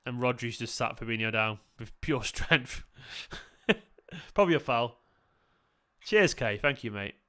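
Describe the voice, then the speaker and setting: Bright, clear-voiced man thanking viewers. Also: mid-range voice, expressive, unhurried, pauses often. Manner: effusive, swears freely, thanks viewers by name. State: tired and emotional. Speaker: streamer hosting a football watchalong. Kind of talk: casual live-stream chat and commentary.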